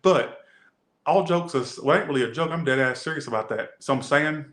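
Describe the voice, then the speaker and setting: A man with a Southern US accent giving a casual tarot reading, animated, blunt and joking. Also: on the high side, fairly quick, echoey room. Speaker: tarot reader.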